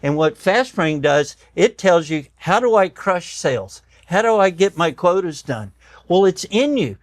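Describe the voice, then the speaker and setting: This older man, a doctor and guest, has a voice that sits high and is recorded with no room sound. In conversation he tells stories, animatedly voicing the people in them, and tears up.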